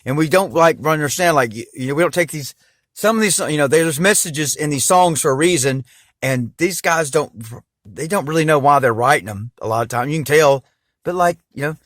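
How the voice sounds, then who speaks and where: A man's voice: fairly high pitch, animated, normal speed, fairly bright tone, no room sound, studio quality. A man talking straight to camera in a rambling monologue, full of fillers and restarts.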